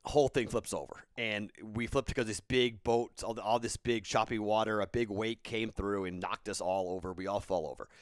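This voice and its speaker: A man's voice: lowish voice, fairly even intonation, normal speed, few pauses, no echo, clean studio sound. A man in his thirties, a podcast host, telling a casual rambling story and then giving betting picks, tired and self-correcting.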